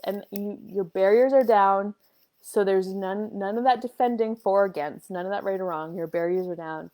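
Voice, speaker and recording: A woman in her thirties hosting a casual talk on parenting, telling a story and acting out the dialogue with lively shifts in voice. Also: medium pitch, moderate pace. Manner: animated storyteller, acts out dialogue. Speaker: host and life coach.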